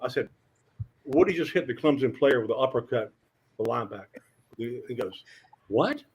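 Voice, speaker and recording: Husky older man telling stories. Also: mid-range voice, fairly quick, muffled recording. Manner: animated anecdotes, acting out quotes, stammering restarts. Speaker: guest sportswriter. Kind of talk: storytelling in a podcast interview.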